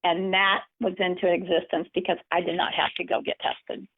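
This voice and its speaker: A woman's voice: fairly low pitch, level tone, moderate pace, breathy edge. A woman empowerment coach giving a webinar presentation, telling personal stories in an encouraging way. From United States. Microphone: webinar call audio. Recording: phone-like narrow audio.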